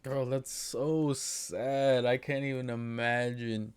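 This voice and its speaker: A man's voice: mid-range voice, steady tone, takes it slowly, a little hiss or hum. A man giving casual, jokey, slangy commentary.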